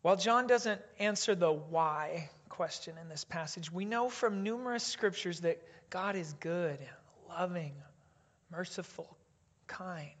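Unhurried preacher giving a sermon, goes quiet and soft on the big lines. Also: medium pitch. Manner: deliberate, dropping to a hush on key phrases; leads the congregation in reading aloud. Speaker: pastor.

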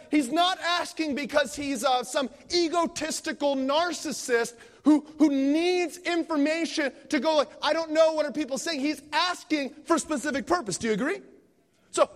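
A young man from Pennsylvania preaching a sermon in a church, telling stories in a lively, joking way with frequent restarts. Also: very high voice. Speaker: guest preacher. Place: church sanctuary. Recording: long reverb of a church hall.

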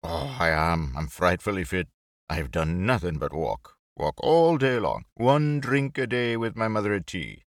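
Male narrator voicing a rambling, tipsy toff for a storybook reading; lively, dry close sound. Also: low-pitched, unhurried, no room sound. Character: tipsy, cheerful British gentleman, young man.

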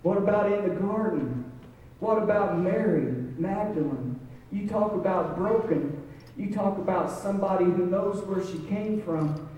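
High-voiced preacher in an echoey hall. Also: male voice, mellow, slight background noise. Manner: dramatic storytelling, voice rising and falling. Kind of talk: sermon. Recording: echoey hall, mic far off.

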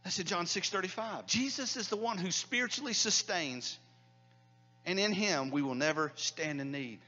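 A middle-aged male pastor preaching a sermon in a church hall, swinging between loud declarations and hushed near-whispers. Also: high voice, normal speed, lo-fi sound, soft background music.

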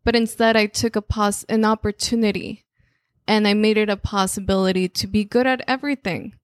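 A woman's voice: mid-range voice, steady tone, fairly quick, dry recording, studio quality. A woman from Mexico with a Mexican Spanish accent, a native Spanish speaker, giving a reflective monthly spiritual talk as a channeler and telling personal stories with frequent restarts.

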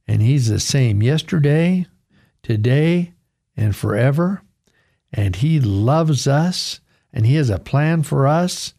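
A male pastor giving a radio devotional sermon, retelling a scripture story with expressive preaching and dramatic swings in his voice. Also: mid-range voice.

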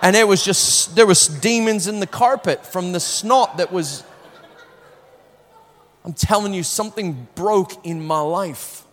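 A man preaching in a large hall, his slightly high voice trailing off into long reverb. He tells his story emotionally, dropping to a hush and then rising loud, and often repeats a word as he starts a sentence. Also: measured pace. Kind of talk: sermon with personal testimony.

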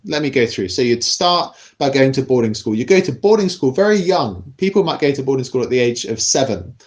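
A man with a posh British accent explaining a topic in a thoughtful, measured podcast conversation, often restarting his sentences. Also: medium pitch. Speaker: podcast guest explaining class.

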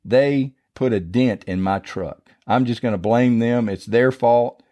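A middle-aged man gives a devotional talk with an informal, down-home feel. He tells stories in a loose, conversational way. His voice sounds warm and mellow. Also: mid-range voice, a little slow, muffled recording. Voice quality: folksy, conversational storyteller. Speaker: preacher.

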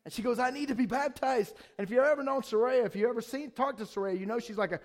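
Pastor, man, high voice, eager and chatty sermon delivery with lots of restarts. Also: racing. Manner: enthusiastic, conversational, frequent restarts and rhetorical questions.

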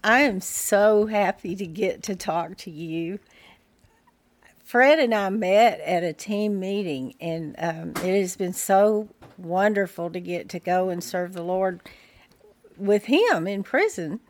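A woman, a prison ministry volunteer giving a gentle, hesitant encouraging message. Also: medium pitch, expressive, slow. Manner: gentle, hesitant, repeats words.

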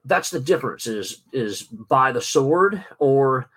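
A man's voice: mid-range voice, animated, takes it slowly, a bit bright, breathy edge. Rambling father vlogging, heavy fillers. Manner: rambling, many fillers and restarts. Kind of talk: casual talking-head vlog.

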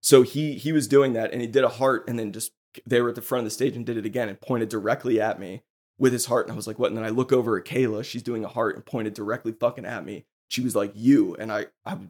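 A man hosting a podcast, excitedly telling a story in casual chat and swearing freely. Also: mid-range voice, fast talker. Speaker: podcast host.

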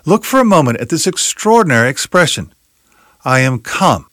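Emphatic preacher with lively pitch. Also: male voice, normal speed, no echo, clean studio sound. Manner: emphatic, rhetorical questions, quotes scripture. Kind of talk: expository sermon.

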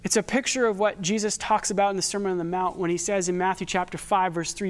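A man with a high voice gives a sermon, preaching in a relaxed, conversational way. He mixes scripture with everyday stories from his own life. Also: fast, few pauses. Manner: conversational preaching with personal anecdotes. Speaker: pastor.

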